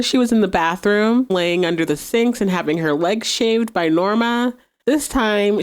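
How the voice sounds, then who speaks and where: A woman hosting a podcast, casually recapping a TV episode, chatty and sassy, laughing often. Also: medium pitch. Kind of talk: casual recap with quoted dialogue.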